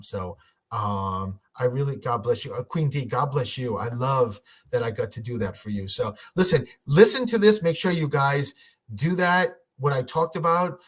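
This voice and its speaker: A man with a slightly husky voice at an ordinary middle pitch talks casually to his livestream audience. He rambles, restarts sentences and fills pauses. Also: a bit bright. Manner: chatty, rambling, many restarts and fillers. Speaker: medium, livestream host. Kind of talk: casual livestream reading for viewers.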